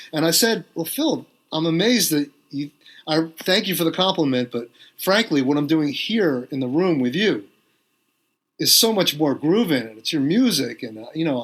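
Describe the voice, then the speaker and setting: Animated middle-aged man telling stories. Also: fairly high pitch. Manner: animated anecdote-telling, quotes others in varied voices. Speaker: guest drummer. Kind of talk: storytelling in a podcast interview.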